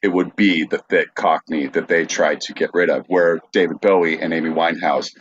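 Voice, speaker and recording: A man from the United States co-hosting a podcast, explaining things in a measured, informative way. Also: very deep voice, steady tone, slightly rough, no echo. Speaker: podcast co-host. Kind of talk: casual chat. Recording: dry, dull lo-fi mic.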